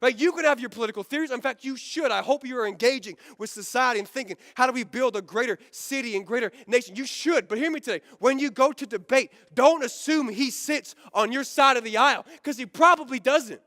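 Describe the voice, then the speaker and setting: A man preaching a sermon as pastor in a church, talking fast and emphatically, often checking in with "right?". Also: very high-pitched, bright, forceful tone, dry recording, clean studio sound, in a large hall. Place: church sanctuary.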